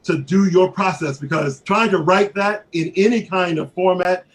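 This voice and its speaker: A man leading a creative writing workshop, telling stories in a lively way with many fillers and restarts. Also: high voice, normal speed. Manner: animated storyteller, many fillers and restarts, acts out quoted voices. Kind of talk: casual workshop talk.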